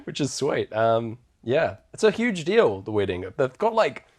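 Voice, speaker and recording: A man's voice: mid-range voice, very animated, unhurried. A man, casually co-hosting a podcast and recapping a film in a laid-back, slangy way, laughing often. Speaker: podcast co-host.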